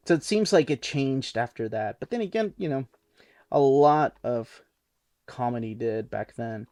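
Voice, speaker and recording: A man's voice: mid-range voice, no room sound, studio quality. A man casually showing and reviewing comic books, rambling and enthusiastic with plenty of fillers. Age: adult, watched reruns as a kid. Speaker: book reviewer. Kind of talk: casual product overview.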